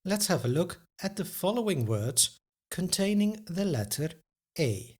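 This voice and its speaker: A man's voice: sits high, very animated, unhurried, a little mellow, slightly rough. A man teaching a pronunciation lesson, carefully enunciating each example word and then giving its translation. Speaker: Dutch language teacher.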